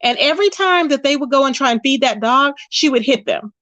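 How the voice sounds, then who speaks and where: Woman host, AAVE, animated commentary, higher voice, dry close sound. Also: fairly quick, no echo, poor audio. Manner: animated retelling, quotes others in raised voice, addresses viewers directly. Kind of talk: casual commentary livestream.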